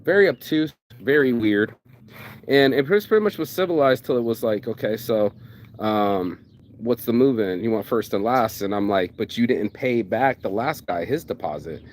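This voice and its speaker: Male vlogger with an animated, profane storytelling delivery, voicing every side of the exchange himself. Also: mid-range voice, moderate pace, slight background noise. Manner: animated, acts out both sides of conversations, swears. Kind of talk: casual storytelling rant.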